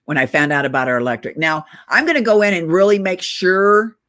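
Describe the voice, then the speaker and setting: A woman's voice: fairly low pitch, fairly quick, a bit bright. A middle-aged woman on oxygen, short of breath, ranting urgently to her viewers in a casual conspiratorial vlog and calling them guys. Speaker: political video blogger. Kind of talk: casual direct-to-camera rant.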